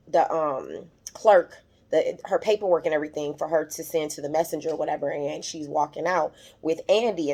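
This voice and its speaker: A woman's voice: deep voice, darkish tone. A young adult woman casually recapping a TV episode, retelling scenes with lots of fillers. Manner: chatty, retells scenes quoting characters, many fillers; gets emotional, voice rises when moved. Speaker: YouTube TV recap host.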